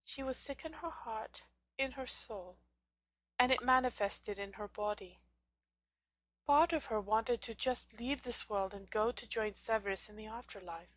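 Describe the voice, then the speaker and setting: A woman narrating a fan fiction audiobook in a dramatic, expressive storytelling manner. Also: a little high, unhurried.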